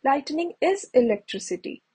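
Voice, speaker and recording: A woman's voice: high voice, very animated, normal speed, warm tone, dry recording, voice pushed up. Woman reading as an eager scientist father.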